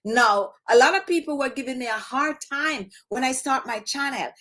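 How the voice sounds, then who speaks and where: A Jamaican woman chats casually to the camera on her beauty channel, dropping her H's and repeating phrases to stress them. Her high voice is animated and fairly bright, moving at a normal pace.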